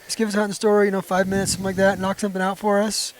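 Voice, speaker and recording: High-voiced man hosting casually. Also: completely flat delivery, very fast, a little hiss or hum, poor audio. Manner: laid-back, slangy and enthusiastic. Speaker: podcast host. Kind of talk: casual podcast chat.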